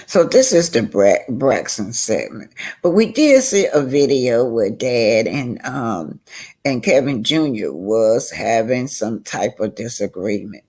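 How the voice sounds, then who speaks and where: An older woman talks through a reality show in a slow, unhurried way. Her voice has a gravelly, creaky edge. She is chatty and emphatic, stretching words out for effect. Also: rumbling low, animated, darkish tone. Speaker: reality TV commentator. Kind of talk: casual commentary.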